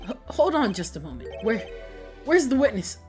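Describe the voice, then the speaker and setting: A woman's voice: fairly high pitch, sing-song, moderate pace, over music, voice pushed up. A woman voicing a jumpy young male defense lawyer in a game, stammering and startled.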